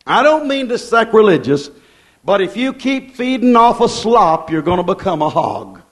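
A man's voice: sits high, very animated, normal speed. A man preaching a sermon in a plainspoken, folksy way, building up with emphatic repetition.

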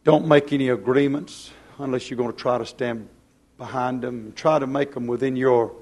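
A man preaching a plain-spoken, folksy sermon, swinging from loud to hushed. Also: mid-range voice, fairly even intonation, moderate pace.

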